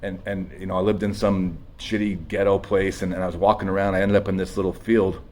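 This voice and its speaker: A man sharing a raw personal testimony in a halting, emotional way, full of restarts and blunt swearing, shaky as he tells it. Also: low voice, level tone, darkish tone, a little hiss or hum. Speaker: speaker sharing his story.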